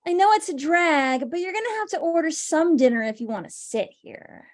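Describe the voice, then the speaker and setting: Woman playing a bubbly, very high-voiced young waitress. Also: expressive, moderate pace. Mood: breezy. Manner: breezy, chatty. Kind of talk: amateur script reading.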